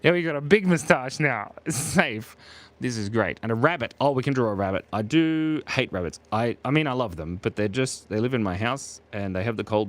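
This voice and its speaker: A man with an Australian accent, casually chatting and joking with his chat while he draws. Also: on the low side. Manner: playful, jokey, reads chat aloud and laughs often. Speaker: streamer drawing live for chat. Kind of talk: casual live drawing stream.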